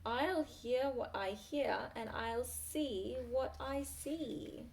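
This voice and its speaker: Smart little ladybug from a storybook, woman reading her, confident, voice a bit high. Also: extremely slow, gravelly, darkish tone, far from the mic, a little hiss or hum, exaggerated voice. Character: clever, helpful little ladybug. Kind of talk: reading a picture book aloud.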